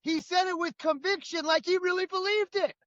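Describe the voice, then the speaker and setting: A middle-aged man with a high, bright voice, co-hosting a political talk show with indignant, emphatic rants. The sound is dry and a little dull and lo-fi. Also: steady tone, brisk, no room sound. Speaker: co-host.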